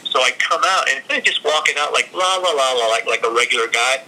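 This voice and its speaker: A man in a casual interview, telling stories in a lively, chatty way with lots of fillers. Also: medium pitch, fast talker, poor audio. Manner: animated, acts out other people's lines. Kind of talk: casual storytelling.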